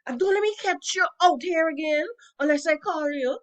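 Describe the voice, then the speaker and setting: A woman voicing a sharp-tongued, scolding middle-aged mother as she reads a play aloud, loud and mocking. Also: sits high, expressive, slow, pitched above the performer's own voice. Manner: loud, mocking, dialect-heavy.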